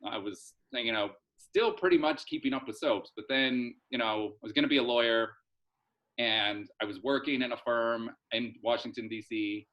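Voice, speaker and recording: A man's voice: medium pitch, steady tone, normal speed, highs cut off. A middle-aged man, a soap opera writer, chatting through a rambling story in a casual interview, full of fillers and restarts.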